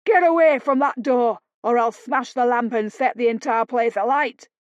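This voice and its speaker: A woman voicing an angry shouting brute of a man. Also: fairly high pitch, steady tone, normal speed, no room sound, lo-fi sound, natural voice. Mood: shouting angrily. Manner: shouted, loud. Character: angry shouting male brother, threatening.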